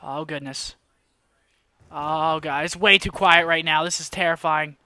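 A young man giving live gameplay commentary, excitable, swinging from mumbled asides to frustrated yelling. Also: a little high, moderate pace, clean tone, dry recording. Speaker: gaming commentator. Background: gunfire from the game.

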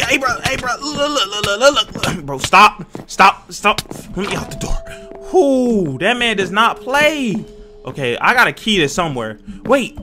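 Speaking in a very high voice, a young man gives excitable, jumpy commentary packed with slang as he plays a horror game on his YouTube gaming channel, talking to his viewers.

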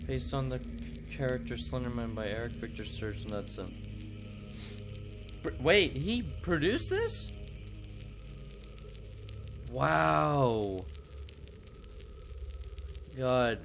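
A man's voice: mid-range voice, slow, gravelly, pauses often, fairly bright tone, soft background music. Jumpy man streaming a horror game. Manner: startled, jumpy exclamations; enthusiastic reactions. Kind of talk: horror game livestream commentary.

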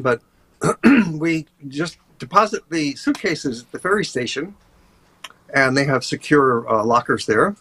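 Man narrating a travel route enthusiastically. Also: mid-range voice. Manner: relaxed, enthusiastic, walking through stops one by one. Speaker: tour guide. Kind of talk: casual interview, describing a travel route.

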